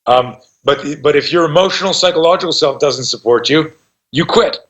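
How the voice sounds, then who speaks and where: A man's voice: on the high side, a little fast, fairly bright tone, lo-fi sound. A man in his fifties, a self-defense instructor and podcast guest, tells stories with energy, swears freely and acts out what people said. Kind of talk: animated storytelling.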